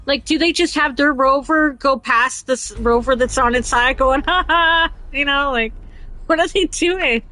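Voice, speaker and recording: A woman's voice: sits high, moderate pace, pushed and bright, low-quality recording. A woman hosting a casual chat show, reading news aloud and rambling off on tangents with giggles. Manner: rambling, giggly, talks over herself. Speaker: podcast host.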